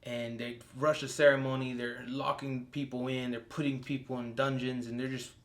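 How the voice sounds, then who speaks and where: A young man talks casually through a solo TV episode review at a middle pitch. His delivery is excitable and full of swearing, and he leans into bursts of enthusiasm. It sounds like a relaxed one-person vlog. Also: normal speed. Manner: excitable and profane, with outbursts of enthusiasm. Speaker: TV show reviewer.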